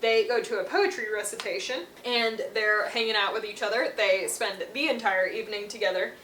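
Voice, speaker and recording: A young woman giving a playful, slangy, animated recap of a book series. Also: mid-range voice, a little fast, reverberant, a little hiss or hum. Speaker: book reviewer.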